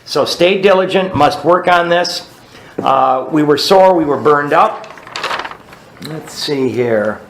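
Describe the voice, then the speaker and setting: A man's voice: a little high, slow, roomy sound, a little hiss or hum. A man leading a recovery study group, teaching in a plainspoken, conversational way and often checking in with "right?". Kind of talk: teaching a group through a book.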